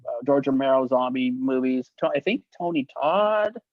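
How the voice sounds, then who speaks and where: A man telling show-business stories as an interview guest, in a lively way, acting out the voices he quotes. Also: mid-range voice, moderate pace, dry recording. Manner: animated anecdotes, acts out quoted voices, laughs often. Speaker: guest, actor and effects artist. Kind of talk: casual storytelling interview. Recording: dull, lo-fi sound.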